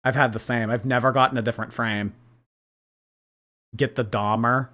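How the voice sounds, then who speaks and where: A man's voice: mid-range voice, fairly even intonation, normal speed, bright, forceful tone. A man hosting a casual livestream, reading and answering viewer chat in a gossipy way and laughing often.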